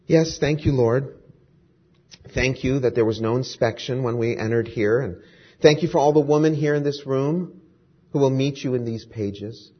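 A man's voice: mid-range voice, moderate pace, husky, muffled recording, natural voice. A man voicing an anxious young woman prisoner who pleads and protests. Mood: reluctant.

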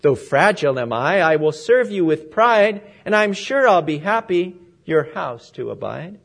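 A man's voice: on the high side, sing-song, measured pace, gravelly, fairly bright tone, full character voice. A man voicing a fragile, prideful crystal goblet in a spoken poem. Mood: proud. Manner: prim, self-regarding.

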